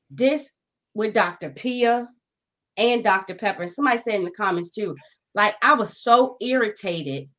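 A woman co-hosting a casual podcast, talking emphatically and with exasperation about a reality show. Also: medium pitch. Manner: animated, emphatic, exasperated commentary. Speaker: podcast co-host.

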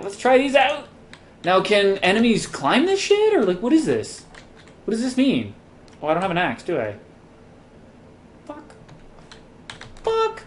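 Tipsy, swearing let's-play gamer; excitable, swooping delivery full of whoops and sound effects. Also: medium pitch, slight background noise. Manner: excitable and profane, bursts into loud exclamations and silly sound effects. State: tipsy from drinking. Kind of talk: casual gameplay commentary.

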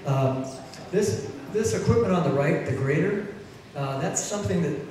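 Halting man speaking in an echoey hall. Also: sits high, lively intonation, a little mellow, a little hiss or hum. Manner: halting, with many fillers and restarts. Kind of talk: casual speech to an audience. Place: party venue with a live audience. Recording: echoey hall from far off, crowd behind.

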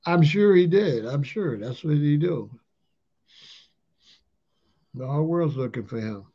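A man's voice: a little high, animated, a little slow, mellow, husky. Streetwise man ranting, lo-fi sound. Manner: loose streetwise slang, repeats "allegedly" and "you know what I'm saying". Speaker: commentator on a talk channel. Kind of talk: casual ranting monologue. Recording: dull lo-fi sound.

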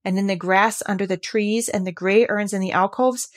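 A woman reading a classic novel aloud as narrator, with gentle, expressive storytelling. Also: medium pitch, normal speed. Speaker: audiobook reader.

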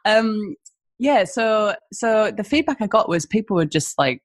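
A woman from northeast England with a northeast English accent, chatting as a podcast guest and telling her story in a lively way. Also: mid-range voice, a little slow, no echo. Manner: chatty, storytelling, animated when excited. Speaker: guest, small food business owner. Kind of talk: casual conversational interview.

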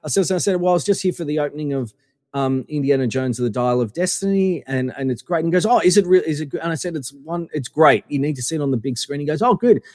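A man with a fairly high speaking voice tells a rambling, casual story, full of fillers and quoted exchanges. His voice sits close and dry on the mic, but a long reverb tail trails behind it. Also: fast talker, darkish tone. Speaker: guest.

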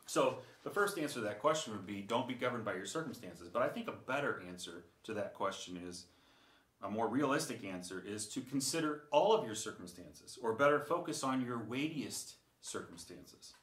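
Low-voiced man preaching casually. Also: expressive, moderate pace, a bit bright, roomy sound. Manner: conversational, with dry humor and frequent filler words. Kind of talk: sermon.

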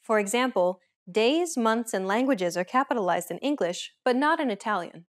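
A woman hosting a beginner language lesson, giving clear, steady scripted explanations. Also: fairly high pitch, moderate pace.

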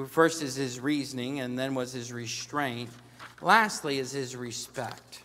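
A middle-aged male pastor preaching a storytelling sermon, dropping to a hush and then rising to loud emphasis. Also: mid-range voice, measured pace. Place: large church sanctuary. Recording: long reverb of a large church hall.

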